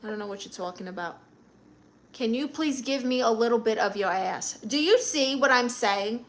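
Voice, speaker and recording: A woman's voice: a little high, normal speed. A woman with a Brooklyn accent hosting a comedic phone live stream, reading chat comments in a brash, sassy manner. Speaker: livestream comedian.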